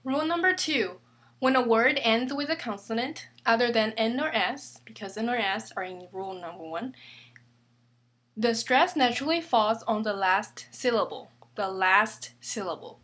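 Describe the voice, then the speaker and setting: A woman teaching an online language lesson, patient and repeating each example slowly. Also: fairly high pitch, expressive, a bit bright. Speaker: Spanish teacher.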